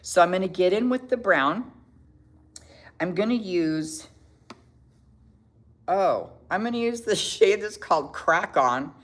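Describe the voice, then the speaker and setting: A middle-aged woman hosting a casual makeup tutorial livestream, chatty, reading viewer comments aloud and quick to laugh. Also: fairly low pitch, lively intonation.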